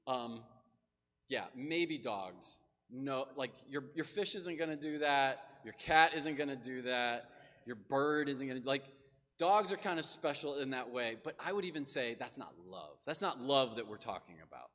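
Lively man preaching in a reverberant hall. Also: medium pitch, moderate pace. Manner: lively, conversational with casual asides. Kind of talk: sermon.

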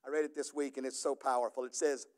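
A middle-aged male pastor preaching a sermon, moving from quiet storytelling to loud, emphatic passages. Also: medium pitch, little pitch movement, fast.

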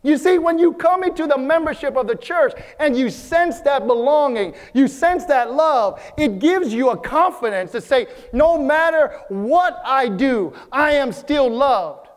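A man from Vietnam, preaching a sermon earnestly, repeating key phrases and slowing down for emphasis. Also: very high voice, animated. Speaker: pastor. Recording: long hall reverb.

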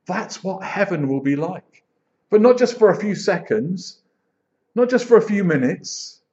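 Pastor preaching, dull lo-fi sound. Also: male voice, sits high. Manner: expressive, slows to dwell on phrases, animated storytelling. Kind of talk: sermon.

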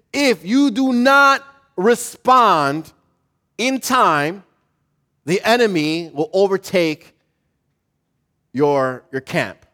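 A man preaching a sermon as a pastor in a church service, telling a story and building to loud exhortation. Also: high voice.

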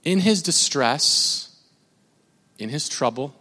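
A man's voice: on the high side, animated, takes it slowly, pushed and bright. A man preaching a sermon as a pastor, talking in a loose, conversational way with frequent restarts. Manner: conversational and rambling, with many restarts. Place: church sanctuary. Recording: long reverb of a large church hall.

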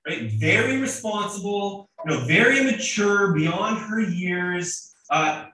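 Man, pastor, sermon, high voice, emphatic and animated, recorded from a distance in an echoey church. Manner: animated and emphatic, with frequent restarts.

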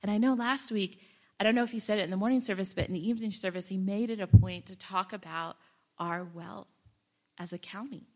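A woman's voice: medium pitch, a little fast, mellow. A woman preaching a sermon in a conversational way, with joking self-deprecating asides to the congregation. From Ohio, United States.

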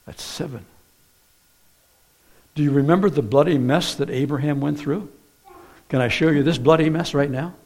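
A man's voice: fairly high pitch, moderate pace, long pauses, darkish tone. A man preaching a sermon in a conversational way, often asking the congregation questions.

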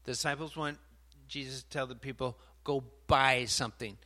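A man preaching a sermon, animated and building to emphatic outbursts, stopping now and then to sort out his slides. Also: medium pitch. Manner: pauses mid-talk to sort out slides.

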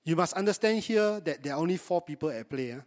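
A man's voice: on the high side, expressive, fast talker, a little mellow, long reverb tail. A man, preaching a sermon to his congregation in a conversational way and often asking them rhetorical questions. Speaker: pastor.

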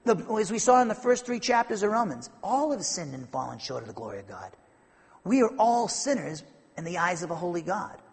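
A man's voice: sits high, very animated, brisk, creaky, husky, in a large hall. A man preaching an expository sermon to his congregation, with an emphatic delivery that rises and falls. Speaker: pastor.

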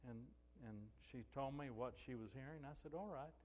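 A man's voice: medium pitch, moderate pace, darkish tone, slight background noise. Man, pastor, sermon, storytelling, echoey hall. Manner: storytelling, acts out quoted dialogue.

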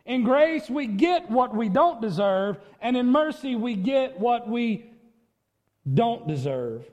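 A male pastor preaching a sermon, with emphatic delivery and sudden high outcries as he acts out a plea. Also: very animated, slow pace, a little mellow, long reverb tail, lo-fi sound.

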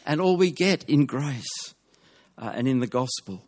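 Man preaching a measured, emphatic sermon. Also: mid-range voice, expressive, a little mellow. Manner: measured, emphatic, drops voice on key words.

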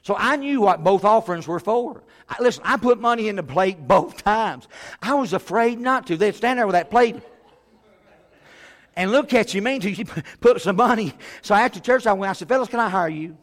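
A middle-aged man preaching, telling funny stories in an animated way and often chuckling and clearing his throat. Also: high voice, moderate pace. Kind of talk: humorous sermon storytelling.

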